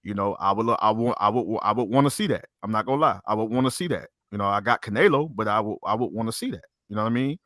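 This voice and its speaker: A man on a boxing podcast, talking in a halting, repetitive way and arguing his point in a heated casual debate. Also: fairly low pitch, fairly bright tone, no echo.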